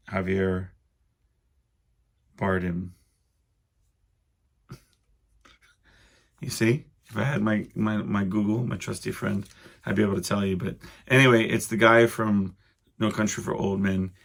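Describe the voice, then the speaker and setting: A man's voice: fairly low pitch, flat delivery, measured pace, gravelly, long pauses. A young man hosting a solo podcast, rambling through stories with lots of fillers and asides. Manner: meandering, full of fillers and asides. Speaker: podcast host.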